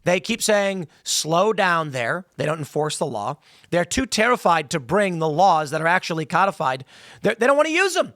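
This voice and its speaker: Guy ranting about politics on a podcast, high bright voice, super dry close mic. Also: big pitch swings, fairly quick, no echo. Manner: emphatic and heated, slips into mocking voices for quotes. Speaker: podcast host. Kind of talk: political commentary.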